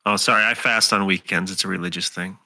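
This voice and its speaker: A woman's voice: a bass voice, steady tone, fast talker, pushed and bright, dry recording. A woman playing a tabletop game who laughs often and cracks dry jokes. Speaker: player. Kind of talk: casual tabletop role-play.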